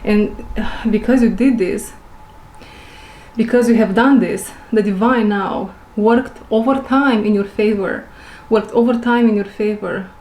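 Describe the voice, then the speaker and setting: A woman who speaks English as a second language, giving an intuitive spiritual reading to her viewers. She talks slowly, repeats her phrases and searches for words. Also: medium pitch, a little mellow, roomy sound. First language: not English. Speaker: intuitive reader.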